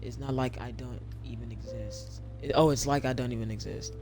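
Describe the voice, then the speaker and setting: A man reading aloud the lines of an anxious nineteen-year-old babysitter in a video game, in a soft, hesitant, self-doubting way. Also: medium pitch, steady tone, a little fast, faint music behind, close to an everyday voice. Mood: wistful.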